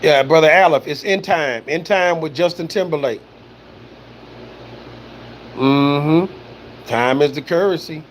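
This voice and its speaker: A man's voice: a little high, unhurried, long pauses, slight background noise. A man hosting a livestream, reading viewer comments and talking in a loose, rambling way, full of "you know" and "man" and swearing. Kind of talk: casual spoken commentary.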